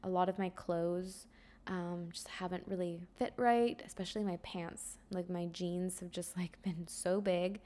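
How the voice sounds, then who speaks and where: A young woman hosting her own podcast, musing in a rambling, reflective way with many fillers and soft trailing phrases. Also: on the low side, fairly even intonation, a little slow. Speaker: podcast host. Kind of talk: casual solo podcast chat.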